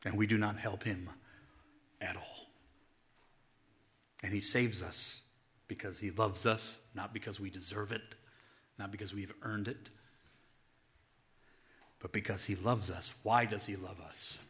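Male pastor, sermon delivery, sharp bright tone, hushed whispers for emphasis. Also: on the low side, fairly even intonation, unhurried, long pauses. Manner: chuckles between points.

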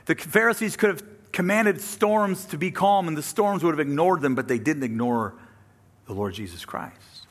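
A man preaching a sermon, acting out the people he quotes with sudden drops to a hush and rises to a loud, higher pitch. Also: normal speed. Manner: acts out quoted speakers with dramatic pitch and volume swings. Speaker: pastor.

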